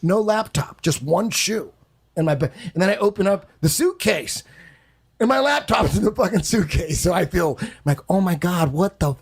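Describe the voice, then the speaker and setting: A man with a slightly high, gravelly voice tells a story in a loose, casual podcast chat. He swears freely and bursts into acted-out voices and sound effects. His tone has a husky, rough edge. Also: lively intonation, normal speed. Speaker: guest storyteller.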